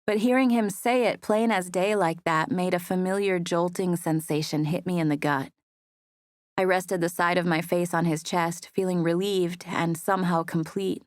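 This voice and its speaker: Woman narrator for a romance audiobook, soft and wistful, lowish voice, dry studio sound. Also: dry recording. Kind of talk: first-person romance narration.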